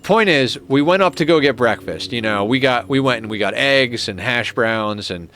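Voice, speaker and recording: A man with a mid-range, fairly bright voice and lively intonation streams a strategy game, chatting casually at a moderate pace into a desk microphone. He tells a rambling story and laughs at it himself.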